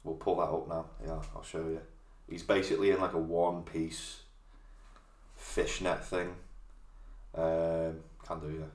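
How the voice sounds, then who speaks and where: A man with a very low, deep voice, trading relaxed, dry quips in casual podcast chat. The sound is roomy and echoey. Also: a little slow. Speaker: podcast co-host. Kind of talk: casual banter. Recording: roomy echo.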